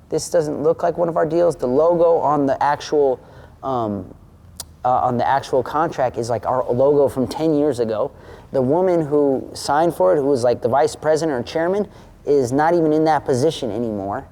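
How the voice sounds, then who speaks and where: Animated man with a mellow voice. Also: medium pitch, normal speed. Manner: animated, acts out quoted dialogue, swears freely. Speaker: interview guest. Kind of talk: casual storytelling.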